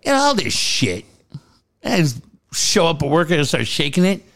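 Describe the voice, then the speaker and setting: A man's voice: on the high side, moderate pace, vocal fry. A man co-hosting a casual podcast, swearing a lot as he tells stories. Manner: profane, animated storytelling. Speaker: co-host.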